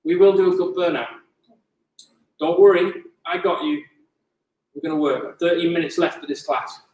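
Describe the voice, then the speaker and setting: A man's voice: fairly high pitch, normal speed, a little mellow. A man teaching an online Muay Thai class, coaching energetically and mixing in sound effects. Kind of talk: online fitness class instruction. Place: gym. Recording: echoey room, voice from a distance.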